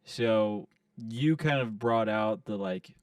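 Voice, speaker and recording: A man's voice: on the low side, slow pace, no echo, far from the mic. Young male podcast co-host, loose rambling storyteller, dry room, sits back from the mic. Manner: rambling, profane, quotes friends in put-on voices. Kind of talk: casual storytelling chat.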